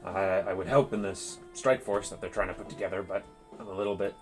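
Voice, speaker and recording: This is a stoic goliath warrior woman in a tabletop game, wounded and worn out, with a man giving her voice. She talks plainly and wearily in a low, even tone. Nothing she says sounds hurried or dramatic. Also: music in the background, close to an everyday voice. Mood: weary. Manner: tired, matter-of-fact.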